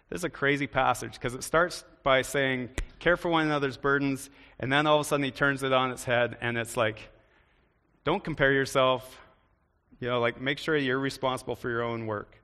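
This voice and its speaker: A man's voice: mid-range voice, a bit bright, in a large hall. A man preaching a sermon in a conversational way, often turning to the congregation with questions. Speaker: pastor.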